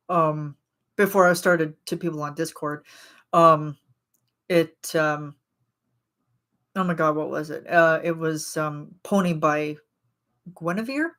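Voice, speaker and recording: A woman in her thirties chats casually with her stream viewers. She rambles and giggles through her stories, and her voice sits slightly low. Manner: rambling, giggly, animated retelling. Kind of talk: casual chat.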